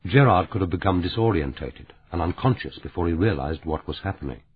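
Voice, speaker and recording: A man's voice: low voice, animated, brisk, husky. A man voicing a practical, considerate man who explains things patiently. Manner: reasoned and patient. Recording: narrow phone-like audiobook sound.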